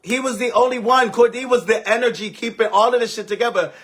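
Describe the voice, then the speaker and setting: A man tells a dramatic story in a fast, profane, gossipy rush, jumping from loud outbursts to hushed asides. His voice sits high for a man and has a husky, breathy edge. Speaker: livestream host telling a story. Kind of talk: casual animated storytelling.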